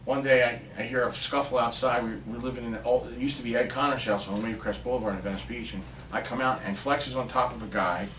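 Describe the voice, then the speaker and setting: A man tells a story on a podcast, animated and lively, throwing himself into the quotes he acts out. He sounds set back from the mic in a roomy space. A faint hiss sits behind him. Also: medium pitch, quick pace, hardly any pauses. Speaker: podcast guest. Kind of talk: storytelling in casual chat. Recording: roomy and distant with faint noise.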